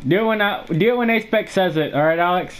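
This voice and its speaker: A young man in casual gaming chat, bossily directing a friend and repeating his commands fast. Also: high voice, a loud crowd. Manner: bossy, repeats commands rapidly.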